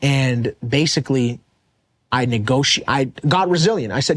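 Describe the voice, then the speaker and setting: A young man, a podcast guest, telling his business story in a casual, animated and blunt way, swearing often. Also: medium pitch, moderate pace. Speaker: podcast guest, real estate wholesaler.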